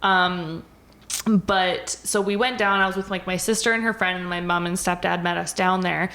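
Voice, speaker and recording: Relaxed female podcast co-host, casual chat with filler words. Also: lowish voice, moderate pace.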